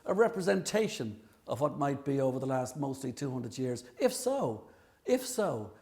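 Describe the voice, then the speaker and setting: A man, hosting a radio talk programme and asking questions in a brisk, conversational way. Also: mid-range voice, sing-song, darkish tone. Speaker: host.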